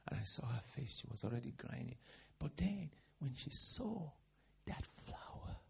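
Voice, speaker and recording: A man preaching a sermon as a pastor, with a raspy, husky voice and dramatic swings from hushed tones to shouting. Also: mid-range voice, sing-song, moderate pace.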